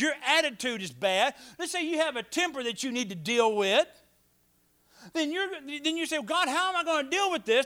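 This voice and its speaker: High-voiced preacher. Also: male voice. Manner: preaching with call-and-response, swinging between soft asides and loud emphatic lines. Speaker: pastor. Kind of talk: sermon.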